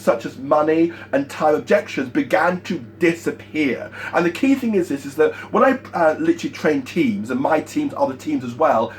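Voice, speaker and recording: Emphatic, energetic male sales trainer. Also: a little high. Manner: emphatic and energetic, repeats key points. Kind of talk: motivational sales training talk.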